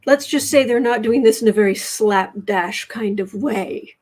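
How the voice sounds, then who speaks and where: A woman's voice: on the high side, unhurried, a little mellow. A woman from the United States hosting a casual tarot livestream, chatting and restarting her sentences as she reads cards and chat. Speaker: tarot reader livestream host.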